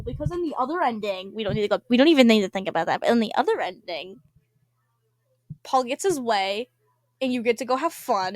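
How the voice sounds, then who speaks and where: A woman's voice: a little high, no echo. Rambling young woman reading a game aloud. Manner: giggly, rambling, trails off mid-word. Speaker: gamer. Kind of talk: casual gameplay commentary, reading the game text aloud.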